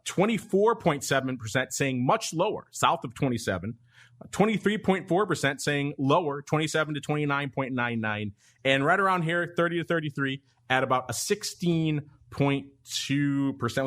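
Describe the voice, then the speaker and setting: A man's voice: fairly high pitch, lively intonation, moderate pace, a bit bright. A man hosting a casual finance podcast, upbeat and reading listener questions aloud. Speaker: podcast host.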